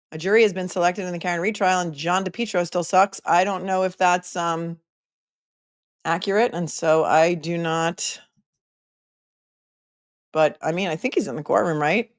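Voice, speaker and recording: A woman's voice: on the low side, fairly even intonation, measured pace, long pauses, no echo, clean studio sound. A middle-aged woman hosting a casual live stream, reading viewer comments aloud with snarky asides and many hesitant fillers. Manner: snarky, chatty, frequent hesitations.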